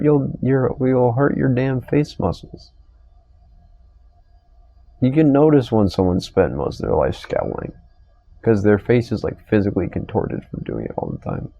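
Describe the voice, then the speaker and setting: A man's voice: mid-range voice, dark tone, no echo, lo-fi sound. A young man hosting a casual solo podcast, rambling and swearing in an exasperated rant about strangers. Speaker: podcast host. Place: store receiving area.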